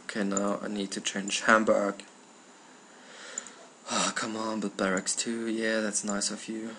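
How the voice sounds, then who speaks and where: A man's voice: lowish voice, monotone, measured pace, pushed and bright, a little hiss or hum. German man swearing at a strategy game. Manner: swears often, talks to the game in frustrated outbursts. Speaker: gamer. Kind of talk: live gameplay commentary.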